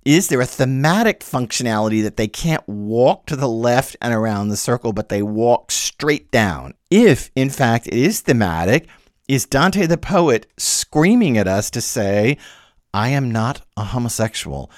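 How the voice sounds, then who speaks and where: A man's voice: medium pitch, expressive, unhurried, no echo, clean studio sound. A man hosting a podcast, lecturing on poetry in a thinking-aloud way full of rhetorical questions. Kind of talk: lecture-style podcast talk.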